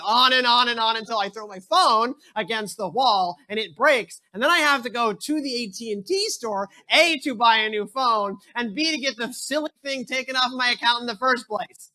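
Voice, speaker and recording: Young preacher, mid-range pitch, bright voice; measured scripture reading, then a casual storytelling sermon. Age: young adult. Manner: conversational, storytelling preaching with asides.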